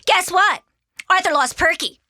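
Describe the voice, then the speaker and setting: Voicing a cheeky, bossy little sister in a storybook, a woman goes loud and teasing, pitching very high above her natural voice in a heavily acted performance. Her intonation is lively and her pace measured, recorded clean in a studio with no room sound.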